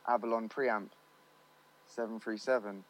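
A man's voice: lowish voice, steady tone, unhurried, rough recording. A man, a studio owner and recording engineer, talking loosely in an interview with lots of fillers and slang. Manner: loose and chatty, slangy, many fillers like "you know what I mean". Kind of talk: casual interview chat.

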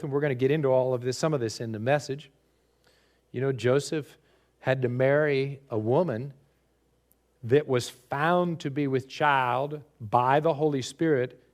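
A man preaching a sermon as pastor, animated and rising loud on key points, recorded for a live stream. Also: medium pitch.

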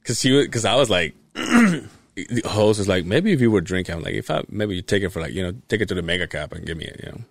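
Man, lively pitch, dry close sound, casual podcast storytelling. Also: quick pace, gravelly, dry recording. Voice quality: animated, swears freely, laughs while telling. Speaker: podcast co-host.

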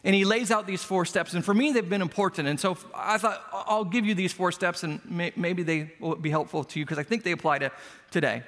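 High-voiced pastor preaching in a reverberant hall. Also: male voice, fairly quick, a bit bright. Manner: conversational, self-deprecating storytelling. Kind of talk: sermon. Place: church sanctuary. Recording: long church hall reverb.

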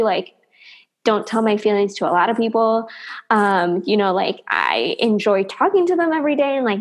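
A woman co-hosting a podcast, talking candidly and thoughtfully in casual chat. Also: on the high side. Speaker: podcast co-host.

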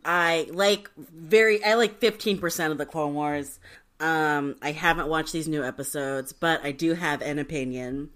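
A woman's voice: deep voice, steady tone, a little slow, fairly bright tone. A woman co-hosting a casual podcast chat, blunt and opinionated, with hesitant starts. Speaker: podcast co-host.

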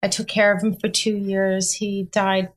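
A woman's voice: medium pitch, flat delivery, measured pace. Earnest woman in her forties. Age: 40s. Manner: earnest, heartfelt, tells a story in long runs. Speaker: podcast guest. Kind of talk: casual personal storytelling.

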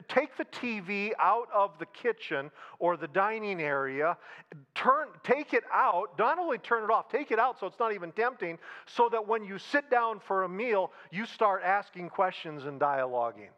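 A man with a high voice preaches in a loose, conversational way. He repeats key phrases and slips in light jokes. The recording sounds a little dull and muffled. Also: sharp tone. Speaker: pastor. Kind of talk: sermon.

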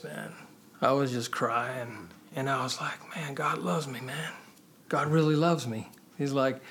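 A man's voice: mid-range voice, gravelly, a bit bright. A man sharing his personal testimony as a podcast guest, earnest and conversational, often adding "man" and "you know.".

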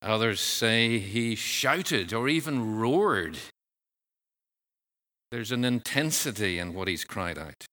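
A male preacher delivering a sermon at an unhurried, deliberate pace. His voice is bright and forward, a little low in pitch, and earnest in its measured phrasing. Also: expressive.

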